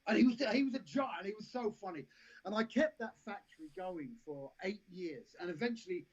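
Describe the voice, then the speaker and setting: Guy rambling thru old stories, bit husky, slightly high voice, muffled stream audio. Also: expressive, a little fast. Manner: rambling anecdotes, frequent restarts, laughs at own stories. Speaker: actor and director, podcast guest. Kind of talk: casual storytelling interview.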